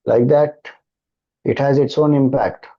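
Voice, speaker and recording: A man with an Indian English accent, a spiritual teacher giving a devotional talk and answering questions in a slow, measured, calm cadence. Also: medium pitch, highs cut off.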